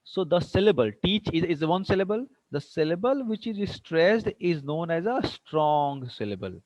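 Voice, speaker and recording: A man's voice: on the high side, sing-song, normal speed, darkish tone, no echo, poor audio. A man with an Indian English accent teaching an English class online. He asks many questions, repeats himself, and mixes in Hindi phrases.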